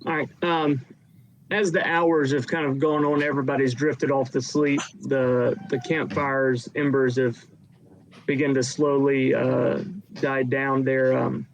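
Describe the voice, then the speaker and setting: A man's voice: medium pitch, flat delivery, unhurried, a little hiss or hum, rough recording. A man narrating a tabletop game as game master, rambling with many fillers.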